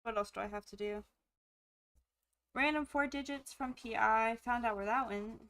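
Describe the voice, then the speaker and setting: Excitable woman thinking aloud while gaming. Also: fairly high pitch, normal speed, smooth. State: hiccups. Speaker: gamer. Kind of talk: let's play commentary.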